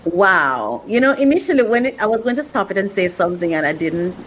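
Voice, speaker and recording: A woman hosting her own channel talks in an earnest, reflective way about faith and life, circling back over her phrases for emphasis. Her voice sits at an ordinary middle pitch, with a faint hiss of noise behind it. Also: big pitch swings, a little fast, rough recording. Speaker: host reacting to clips. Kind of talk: reflective faith-based monologue.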